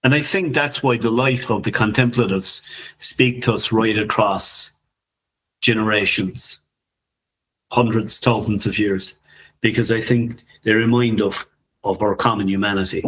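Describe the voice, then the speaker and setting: Husky man in his fifties. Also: fairly low pitch, steady tone, a little slow. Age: 50s. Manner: soft-spoken, musing, laughs often. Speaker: podcast co-host. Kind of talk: reflective casual conversation.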